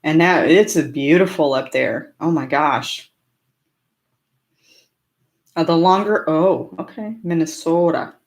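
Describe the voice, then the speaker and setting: A woman's voice: low-pitched, slow, pauses often. A chatty woman from Southern California hosting a casual live stream, answering viewer comments with frequent fillers and laughter. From Orange County, California.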